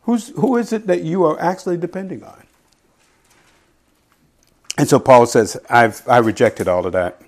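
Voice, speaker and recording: A middle-aged man preaching a sermon in a conversational teaching style, reading scripture slowly and asking his listeners "right?". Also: on the high side. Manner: quotes scripture slowly and deliberately. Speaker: pastor.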